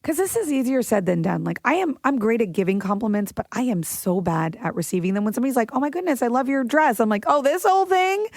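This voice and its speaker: A woman's voice: fairly high pitch, sing-song, fast talker, vocal fry, hardly any pauses, darkish tone, no room sound, studio quality. A woman co-hosting a radio show's podcast, teasing and joking in casual banter. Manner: playful, teasing, laughs often. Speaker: radio co-host.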